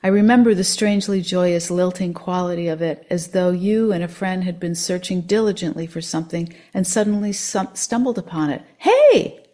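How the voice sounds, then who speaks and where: A woman reading a first-person story aloud in an expressive, measured way. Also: on the low side.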